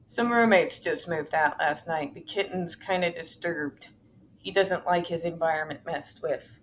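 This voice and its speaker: A woman's voice: on the low side, moderate pace, slight background noise. A woman vlogger reading from a court report, breaking off for blunt, sarcastic, exasperated asides and frequent swearing. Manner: sarcastic asides between read passages. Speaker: advocacy vlogger.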